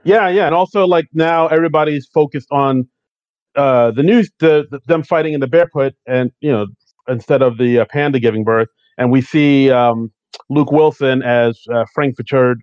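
A man's voice: mid-range voice, normal speed, clear, resonant tone, no room sound, dull audio. A man co-hosting a casual podcast, recapping a comedy movie in a laid-back, wry way and laughing often. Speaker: podcast co-host.

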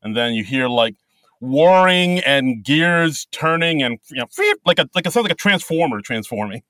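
A man of middle pitch recapping sketches in casual chat, stopping and restarting often. The sound is dry and close, with no room around him. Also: lively intonation, pushed and bright, no echo. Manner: halting, many fillers and restarts, chuckling. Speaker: podcast co-host.

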